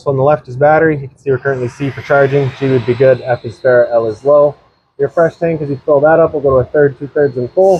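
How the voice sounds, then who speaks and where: On a lo-fi recording, a man of medium pitch with a breathy edge shows off a travel trailer as an RV sales presenter. His walkthrough is casual yet instructive and practical, beginning outdoors and then going inside.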